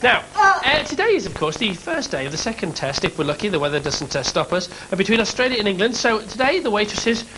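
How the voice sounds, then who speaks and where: A man's voice: sits high, big pitch swings, quick pace, noisy background. A man hosting a breakfast TV show and phone-in quiz, chatty and jokey. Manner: jokey, chatty, laughs often. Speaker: host.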